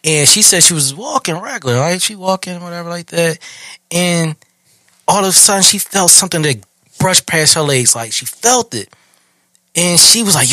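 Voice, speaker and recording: A man's voice: high-pitched, lively intonation, fairly quick, sharp tone, no echo. A man hosting a podcast, talking casually in laid-back slang. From Philadelphia. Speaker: podcast host. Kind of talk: casual chat.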